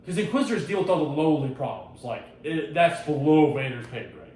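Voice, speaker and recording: A man hosting a podcast, chatting casually in a loose, profane, animated way. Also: fairly high pitch, fairly quick, far from the mic. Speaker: podcast host. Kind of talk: casual chat. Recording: roomy echo, off-mic, faint ambience.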